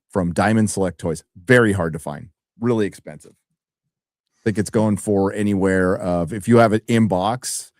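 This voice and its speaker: A man co-hosting a review stream, chatting casually and rambling with animated swearing. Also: low-pitched, dry recording, studio quality. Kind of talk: casual chat.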